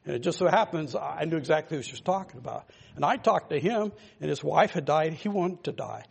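A man's voice: a little high, fairly quick, creaky, few pauses, slightly rough. An older man giving an informal, rambling sermon, emphatic and full of asides to his listeners. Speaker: pastor.

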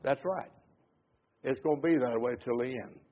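A preacher delivering a sermon, stressing some words loudly and letting others trail off low. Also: male voice, moderate pace. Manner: emphatic preaching that swings between loud stresses and low trailing endings. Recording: tinny phone-like sound.

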